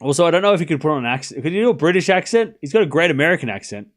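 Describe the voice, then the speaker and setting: A young man commentates a tennis match casually on a live stream, joking with viewers and wandering off on tangents between points. His voice is a little high and sing-song, and he talks very fast.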